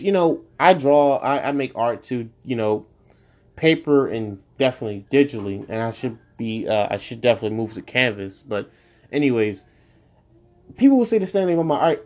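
Young male podcaster, loose and profane, spikes high when riled. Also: fairly quick. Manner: animated, profane, pitch jumps high when annoyed. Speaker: podcast host. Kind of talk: casual solo podcast rant.

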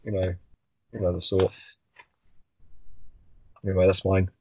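A man in his forties co-hosting a podcast, telling stories in a casual, animated way, swearing and laughing often. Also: deep voice, a little slow, no echo. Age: 40s. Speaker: podcast co-host. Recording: dull, dry lo-fi sound.

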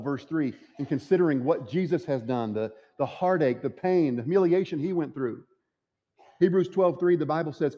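A man preaching a sermon, emphatic, with dramatic pauses. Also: on the high side, mellow, muffled recording. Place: church sanctuary. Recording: long church reverb.

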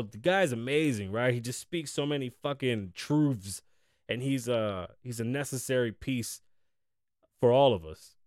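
A man hosting a podcast in casual chat, blunt and profane, shifting between low, weary venting and loud, hyped bursts. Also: dry recording, studio quality. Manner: profane, blunt and frank, slangy. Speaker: podcast host.

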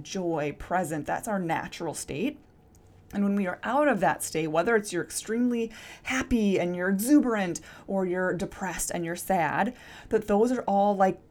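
A woman's voice: fairly low pitch, a little mellow. Chatty woman hosting a solo podcast. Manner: reflective, talks through rhetorical questions with many "like" fillers. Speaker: podcast host. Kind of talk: casual solo podcast monologue.

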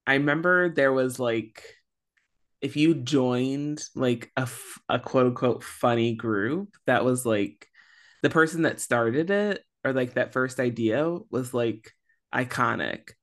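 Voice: medium pitch, takes it slowly. A young adult podcast co-host with a mid-range voice, chatting casually. The talk wanders, full of "like" and restarts. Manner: rambling, many fillers. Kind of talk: casual chat.

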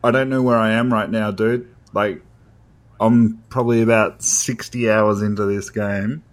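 Here the Australian podcast co-host, a young man, speaks in a lowish, steady voice at a measured pace. He keeps it laid-back and casual, rambling loosely with plenty of fillers.

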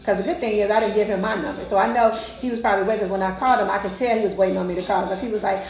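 A woman's voice: mid-range voice, steady tone, rapid-fire, darkish tone, reverberant, low-quality recording. Emphatic woman telling a personal story. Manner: emphatic, repetitive, colloquial.

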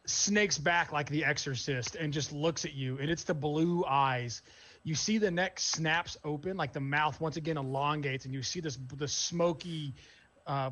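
A man narrates as game master in a slightly higher voice, relaxed and loose. He fills his descriptions with "uh" and "um" as he sets the scene and explains the rules. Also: highs cut off. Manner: casual narration with frequent fillers.

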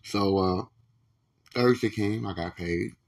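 On his own podcast, a man with a lowish voice rants slowly. It's a casual monologue of venting, profane and stammering, with plenty of restarts.

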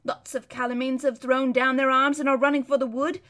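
A woman's voice: high voice, level tone, a little fast, a bit bright. A woman voicing an old male hermit who describes a distant battle as a vivid, emphatic running commentary. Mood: excited.

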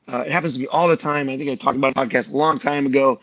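A martial arts teacher talks casually on a podcast at a very fast clip, his voice medium in pitch. He's an animated storyteller who acts out other people's lines, and the recording is dry with dull audio.

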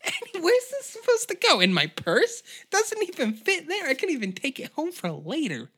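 A man's voice: very high-pitched, wildly swooping pitch, normal speed, sharp tone, pitched above the performer's own voice, exaggerated voice. A man voicing a nervous female restaurant staffer who stammers and then turns crude. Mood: crude gleeful. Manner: stammering, giggly. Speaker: comedy podcast skit character.

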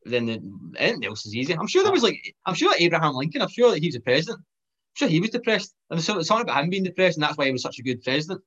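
Fast-talking man, lo-fi sound. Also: a little high. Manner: fast, animated, repeats himself with restarts. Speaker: podcast guest, fitness trainer. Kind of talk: casual chat.

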